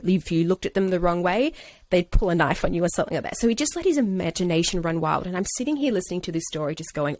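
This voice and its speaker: A woman, a working actor and coach, tells a story in a lower-pitched voice and slips into the voices of the people she quotes. The sound is close and dry, with no room heard behind her. Her speech is full of ordinary restarts and "like". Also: dry recording. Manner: animated storyteller who acts out quotes. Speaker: actor and acting coach, podcast guest. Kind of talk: casual interview storytelling.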